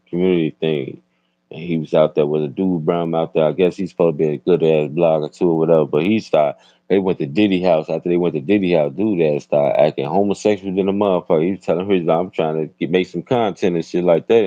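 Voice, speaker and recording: Male stream host, Chicago accent, deep mellow voice, profane storyteller, dry lo-fi audio. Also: dry recording. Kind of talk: casual livestream chat.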